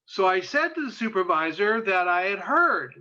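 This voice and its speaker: A man lectures as a guest speaker in a high, bright voice, telling a story with rising passion. He repeats words for emphasis and often stops on fillers. The recording sounds dull and lo-fi. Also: sing-song, normal speed. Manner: impassioned, repeats phrases for emphasis, many fillers. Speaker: guest speaker on sexuality and disability.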